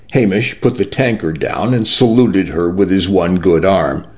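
Slow, deep-voiced male audiobook narrator. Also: darkish tone, highs cut off. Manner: slow and measured.

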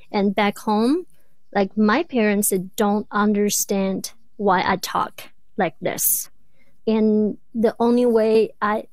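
A woman in her thirties from rural China, a Chinese native speaker, talking as an interview guest with a clear stutter of repeated sounds and blocks. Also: mid-range voice, a little mellow, no room sound. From rural southwest China. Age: 30s. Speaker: guest, doctoral student. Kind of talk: interview conversation.

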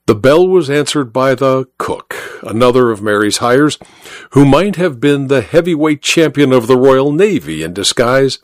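A man narrating a story in the first person, with wry, measured storytelling, in a dry close recording. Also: mid-range voice, animated, dry recording. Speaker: audiobook narrator.

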